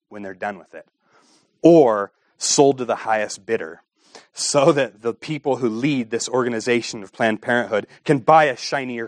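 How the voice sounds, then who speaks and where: A man preaching a sermon with impassioned delivery, asking rhetorical questions and swinging between hushed and raised passages. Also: medium pitch, no room sound. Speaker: pastor.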